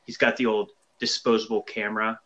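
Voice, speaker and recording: Casual podcast co-host, male, eager and giggly, bright edge to his voice. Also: on the low side, flat delivery, fairly quick, dull audio. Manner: laughs often, quotes movie lines eagerly. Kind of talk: casual movie chat.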